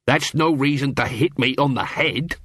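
A man's voice: medium pitch, normal speed, a bit bright, husky, no echo, clean studio sound. A man voicing a blunt, grumpy male dwarf watchman.

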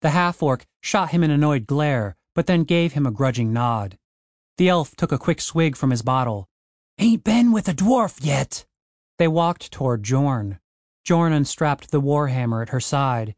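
A man narrating a comic fantasy audiobook in a wry, lively storytelling manner. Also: medium pitch, normal speed, dry recording, clean studio sound.

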